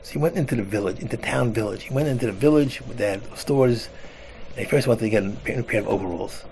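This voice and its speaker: Brief: male rabbi storyteller, rough gravelly tone, animated delivery, noisy background. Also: mid-range voice, fast. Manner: animated storyteller, acts out voices. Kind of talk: storytelling talk with a parable. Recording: noisy recording.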